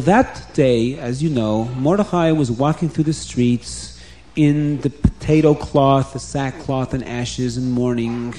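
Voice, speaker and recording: A man storyteller spinning a tale for children. His voice is mellow and dark in tone yet sits fairly high. He tells it in an animated way, with dramatic pauses.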